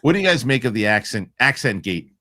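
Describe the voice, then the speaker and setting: A man's voice: mid-range voice, very animated, fast talker, bright, forceful tone. A man hosting a casual film chat show, talking emphatically and repeating himself as he makes a point. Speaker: host. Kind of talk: casual panel chat about films.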